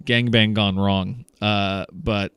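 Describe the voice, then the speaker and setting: A young man co-hosting a podcast, telling a story in a lively way, acting out the voices of the people in it and laughing often. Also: on the low side, takes it slowly, clear, resonant tone, no echo, studio quality. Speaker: podcast co-host. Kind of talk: casual storytelling chat.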